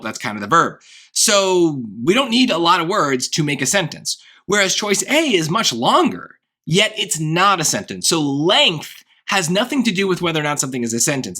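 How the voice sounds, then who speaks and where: A man's voice: a little high, pushed and bright. A man teaching a grammar lesson in a conversational way, thinking aloud with occasional fillers and restarts. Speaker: SAT tutor.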